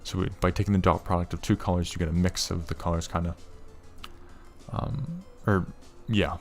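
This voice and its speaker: A young man talks through a programming tutorial at his desk, his voice low and gravelly with a rough fry. He rambles, curses freely and tosses in exasperated asides. Faint music plays quietly behind him. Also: fairly even intonation, moderate pace. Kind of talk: casual screen-recorded coding tutorial.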